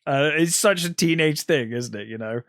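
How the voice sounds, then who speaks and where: A man's voice: a little high, moderate pace, a bit bright, dry recording, clean studio sound. A man co-hosting a film podcast, retelling scenes in a casual chat with lots of ums and acted-out quotes. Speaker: podcast co-host.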